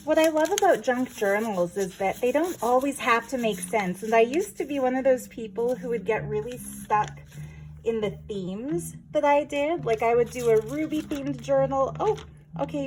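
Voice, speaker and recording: A woman's voice: a little high, measured pace, a little mellow, low-quality recording. A woman chatting casually through a craft journal flip-through, with playful self-aware asides. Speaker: junk journal crafter showing her work. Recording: noticeable background noise.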